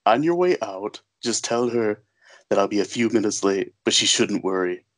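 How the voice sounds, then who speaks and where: A man's voice: fairly low pitch, expressive, normal speed, lightly acted. A man doing an impression of an irritated husband with a heavy accent, speaking in curt, clipped demands.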